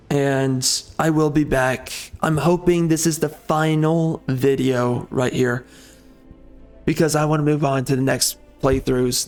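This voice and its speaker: A man hosting a gaming channel, venting in an angry, profane rant with halting restarts and frequent swearing. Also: medium pitch, darkish tone. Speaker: gaming channel host and author. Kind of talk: frustrated rant over gameplay.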